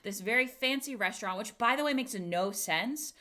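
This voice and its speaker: A woman's voice: on the high side, moderate pace. A young woman co-hosting a stream, telling a rambling story in a casual chat. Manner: rambling, animated storytelling with lots of "like". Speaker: co-host of a streaming show.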